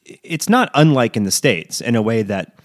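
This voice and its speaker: A man's voice: medium pitch, very animated, moderate pace. A man co-hosting a podcast, explaining things in a thoughtful, reassuring way during casual chat.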